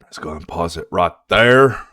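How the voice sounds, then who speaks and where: A low-voiced man talks through a music reaction in a loose, rambling rant. He swears often and gets worked up. His voice is close and dry, with no room echo. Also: unhurried. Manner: ranting, profane, animated. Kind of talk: casual reaction commentary.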